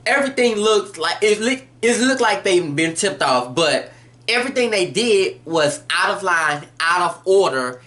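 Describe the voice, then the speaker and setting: A woman in a casual vlog recapping a TV drama episode, blunt and animated, acting out the scenes as she goes. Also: fairly low pitch, unhurried.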